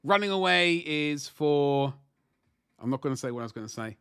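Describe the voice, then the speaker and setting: A man's voice: fairly high pitch, lively intonation, moderate pace, fairly bright tone, clean tone, no room sound, studio quality. Chatty man streaming his painting. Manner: chatty, rambling, talks to chat while working. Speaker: livestream host painting miniatures. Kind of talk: casual livestream chat.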